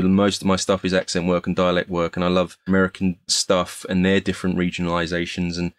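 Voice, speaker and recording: An English man, a guest actor in a casual interview, telling animated stories and laughing often. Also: sits low, no echo. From England.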